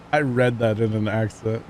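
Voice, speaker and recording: Chatty male streamer with quick exclamations. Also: on the low side, slight background noise. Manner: chatty, thanks viewers, quick exclamations and laughs. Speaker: livestreamer. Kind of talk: casual gaming livestream chat.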